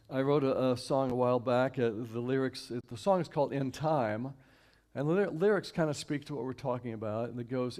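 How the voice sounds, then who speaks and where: A man's voice: mid-range voice, a little mellow. Man giving an easygoing church sermon. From Houston, Texas. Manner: conversational, repeats key lines slowly, invites the audience to join in. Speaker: guest speaker and singer at a church service. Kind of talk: inspirational sermon talk. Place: church sanctuary, live stream.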